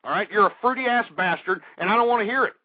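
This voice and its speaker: Abrasive high-voiced man ranting on radio. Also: fast talker, no echo. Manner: abrasive, insulting, shouting at callers. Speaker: radio call-in host. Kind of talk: aggressive talk radio rant. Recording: dry, tinny phone-like audio.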